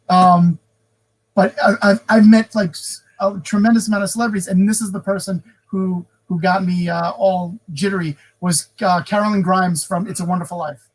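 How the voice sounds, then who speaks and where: A man in his forties, a podcast co-host, telling halting, self-correcting stories in casual chat. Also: high-pitched, slightly rough. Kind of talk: casual storytelling.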